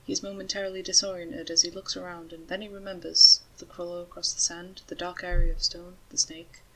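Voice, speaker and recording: A woman narrating a story in a steady, measured way. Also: fairly low pitch, a little hiss or hum, low-quality recording.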